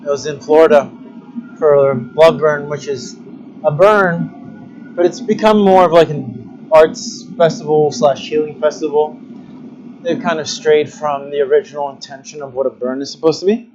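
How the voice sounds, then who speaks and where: A man's voice: fairly high pitch, fairly even intonation, normal speed, a little mellow, muffled recording, slight background noise. A man teaching glassblowing, chatting casually and musing philosophically as he works. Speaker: glassblowing instructor. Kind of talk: casual livestream chat while working.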